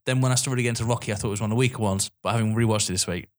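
A young man talks films on a podcast, quick on his feet and rattling through his points. He is animated, swears freely and laughs often as he chats. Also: on the low side. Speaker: podcast co-host. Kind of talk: casual film chat.

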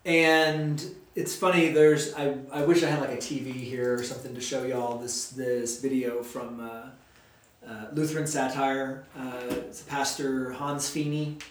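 A man's voice: medium pitch, little pitch movement, measured pace, slight background noise. A man leading a casual Bible study, talking in a chatty, rambling way. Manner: chatty, rambling, uses fillers. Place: church meeting room. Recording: echoey room, distant mic.

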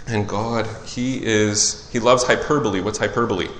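A man preaching a sermon as a pastor, animated and conversational, acting out the voices of the people he quotes. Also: moderate pace, echoey room, a little hiss or hum, poor audio. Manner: animated, acts out quoted voices in a higher pitch.

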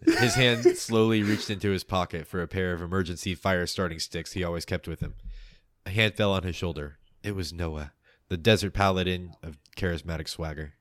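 A man hosting a tabletop game podcast as game master, narrating the story in a measured, playful way and doing the show announcements. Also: low voice, fairly bright tone, dry recording.

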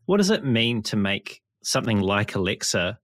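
Kiwi guy interviewing, lowish voice, measured and thoughtful, dry close sound. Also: big pitch swings, fairly bright tone, dry recording. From New Zealand. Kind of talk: casual interview.

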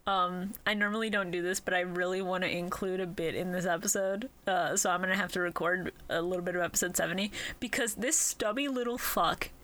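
A woman's voice: fairly low pitch, fairly even intonation, fairly bright tone. A woman co-hosting a casual comedy podcast, joking and swearing freely. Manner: profane, joking, quick to act out quotes. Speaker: podcast co-host.

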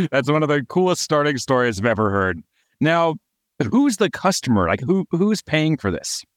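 A man's voice: on the high side, big pitch swings, moderate pace, no room sound, studio quality. A man hosting a podcast, asking curious, casual interview questions. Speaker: podcast host.

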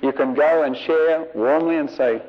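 A man's voice: on the high side, normal speed. A male preacher giving a sermon to a congregation in a church building, emphatic and repeating his key phrases, on a muffled 1970s recording.

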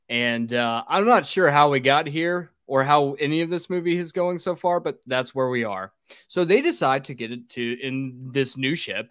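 A man's voice: medium pitch, a bit bright, clean tone, no room sound. Guy rambling thru a movie plot on a podcast, swears a lot, dry close sound. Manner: loose, rambling plot recap with swearing and fillers. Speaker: podcast host recapping a film. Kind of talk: casual podcast chat.

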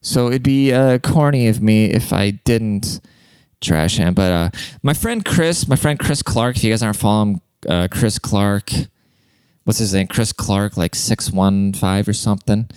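A young man rambles through a casual podcast monologue, swearing freely and laughing as he goes. His voice is low and smooth, recorded dry and close with no room echo. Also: measured pace, a little mellow. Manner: rambling, profane, laughs often. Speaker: podcast host.

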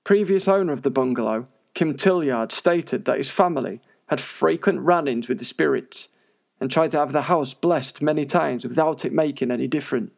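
Male presenter for scripted narration: wry and sarcastic, with a gravelly voice. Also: medium pitch, normal speed. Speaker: paranormal news presenter.

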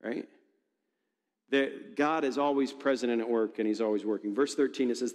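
A male pastor preaches in a casual, storytelling way, often restarting his sentences. His voice sits at an ordinary middle pitch. It rings out with the long reverb of a large church hall. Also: moderate pace, darkish tone. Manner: conversational, storytelling, frequent restarts. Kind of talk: sermon. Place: church auditorium.

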